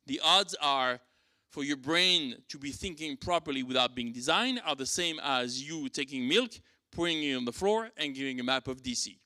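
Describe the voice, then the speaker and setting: French-accented man, church apologetics teacher, bright and forceful, dry close sound, lots of restarts. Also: mid-range voice, lively intonation, moderate pace, no echo. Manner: conversational teaching with fillers and restarts. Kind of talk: apologetics class lecture. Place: church classroom.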